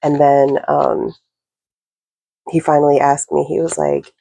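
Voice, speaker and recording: A woman talks through an intuitive reading in a loose, rambling way, full of fillers and offhand swearing. Her voice has a warm, mellow tone with a gravelly edge. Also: deep voice, unhurried, poor audio. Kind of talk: casual spoken reading to camera.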